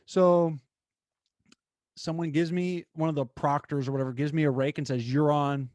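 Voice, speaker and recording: A young man hosting his own show, telling a story in an animated, casual way with lots of fillers. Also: a little high, moderate pace, no room sound, clean studio sound. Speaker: podcast host.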